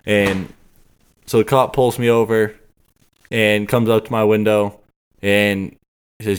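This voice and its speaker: A man's voice: on the low side, flat delivery, takes it slowly, pauses often, clear, resonant tone. A man on a podcast telling a story in casual chat, rambling and acting out the dialogue he recalls. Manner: rambling, acts out quoted dialogue. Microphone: podcast microphone.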